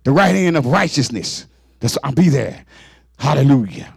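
A man preaching a fervent sermon in call-and-response style, building up to shouts. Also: medium pitch, lively intonation, normal speed, vocal fry, husky, no room sound.

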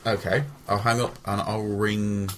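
A man's voice: on the low side, little pitch movement, measured pace, background noise. A man playing a tabletop role-playing game, talking in character in a rambling, self-correcting, jokey way.

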